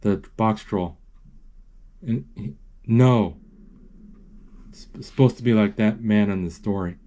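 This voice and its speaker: A man casually retells a film as he watches it. He talks very slowly in a low, mellow voice, halting often and restarting his sentences. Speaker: amateur narrator retelling a film.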